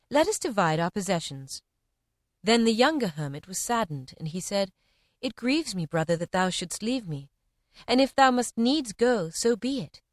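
A woman giving a measured, expressive reading of short parables in old-fashioned language. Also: fairly low pitch, dry recording, studio quality. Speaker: reader. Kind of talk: scripted narration of parables.

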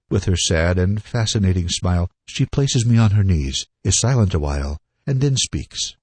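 A man reading a classic novel aloud as narrator, telling it in a lively, expressive way and slowing down for the reflective parts. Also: lowish voice, slightly rough, dry recording. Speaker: audiobook reader.

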